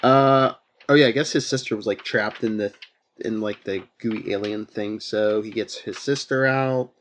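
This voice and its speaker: A man's voice: fairly low pitch, steady tone, normal speed. A man hosting a podcast, casually retelling a comic book plot with lots of fillers and rambling asides. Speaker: podcast host.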